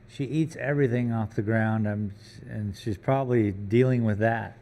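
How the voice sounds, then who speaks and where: A man's voice: lowish voice, measured pace, few pauses, mellow. A man chatting casually on a live stream from a gallery workroom, joking around and teasing his puppy between comments.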